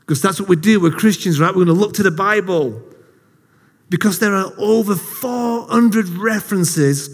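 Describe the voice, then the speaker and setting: A fairly high-voiced man preaches in a casual, storytelling way, poking fun at himself. His voice rings out with a long reverb from the hall. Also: creaky. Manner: jokey, self-deprecating storyteller. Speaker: lay preacher. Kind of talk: casual sermon to a congregation.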